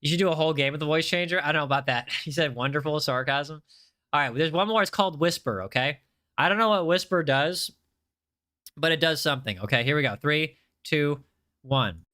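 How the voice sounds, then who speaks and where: Male game streamer, casual, talks to chat, bright forward tone, on a desk mic. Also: on the high side, a little fast. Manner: chatty, reads chat aloud, repeats himself. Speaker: game livestreamer.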